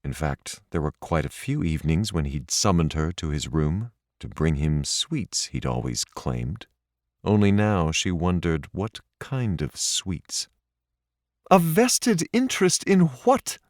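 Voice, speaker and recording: A man narrating an audiobook in a measured, expressive reading. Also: a bass voice, dry recording, clean studio sound. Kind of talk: scripted narration.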